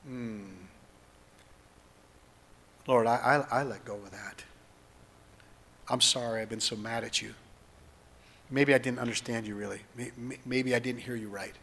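A man preaching and leading the listeners in an earnest spoken prayer, moving between hushed lines and fervent ones. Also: medium pitch, steady tone, normal speed, creaky, long pauses, slightly rough, in a large hall. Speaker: pastor.

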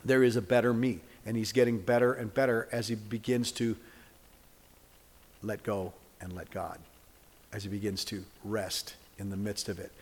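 A man's voice: fairly low pitch, fairly even intonation, moderate pace. A man preaching a sermon as pastor, chatty and teasing with his congregation, then building to fervent exhortation and a closing prayer. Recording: long hall reverb.

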